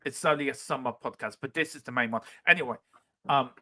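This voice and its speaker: Bright-voiced man hosting a live stream. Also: medium pitch, quick pace. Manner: jokey, teasing, reads chat aloud. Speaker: livestream show host. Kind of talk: casual live-stream chat. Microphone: remote stream call.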